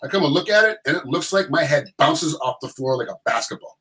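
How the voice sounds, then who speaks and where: A middle-aged man telling stories in casual chat, animated and acting out quotes in other voices. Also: a little high, fast, rough recording.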